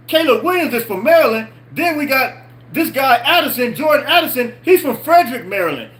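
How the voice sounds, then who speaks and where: High-pitched, bright-voiced man hosting a podcast. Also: poor audio. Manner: repeats himself, rhetorical questions, answers chat comments. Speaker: podcast host. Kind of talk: casual live-stream sports talk.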